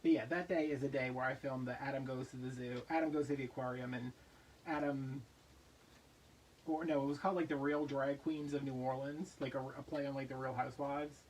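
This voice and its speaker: A man hosting a craft vlog, telling a story in a casual, animated way and acting out voices in his anecdotes. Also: medium pitch, a little fast, far from the mic, slight background noise, low-quality recording. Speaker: craft channel host.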